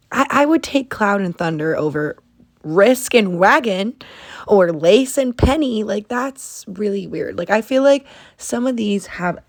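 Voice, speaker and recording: Speaking at a medium pitch, a young woman runs her own laid-back podcast and vents, incredulous and lively, about weird baby names. Laughter and swearing come up frequently.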